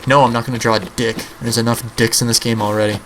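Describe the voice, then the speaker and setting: A man's voice: mid-range voice, flat delivery, fast, fairly bright tone, slight background noise, poor audio. A man in his early twenties giving casual, rambling gameplay commentary as a channel host, swearing offhandedly. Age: early 20s.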